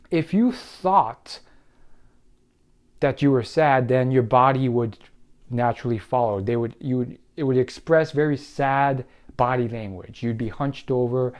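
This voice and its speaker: A man's voice: mid-range voice, darkish tone. A young man hosting a self-help video, explaining tips in a casual, conversational way with frequent fillers and restarts. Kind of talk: casual talk to camera.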